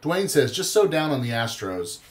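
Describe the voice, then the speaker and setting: A man's voice: mid-range voice, very animated, normal speed. A tired man hosting a live card-break stream, chatting casually and rambling into long personal stories. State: tired after a long day.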